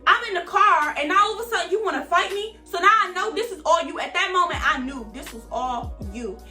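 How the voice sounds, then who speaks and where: A young woman telling a personal story to her viewers in a casual, animated, profane way, often calling them y'all. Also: very high-pitched, fairly quick, faint music behind. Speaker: vlogger. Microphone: camera mic. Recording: roomy echo, distant from mic.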